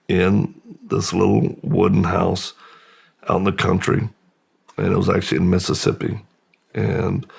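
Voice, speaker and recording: Gravelly, husky deep-voiced man recounting. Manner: slow, halting storytelling with pauses and restarts. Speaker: podcast guest. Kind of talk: personal testimony in a long-form interview.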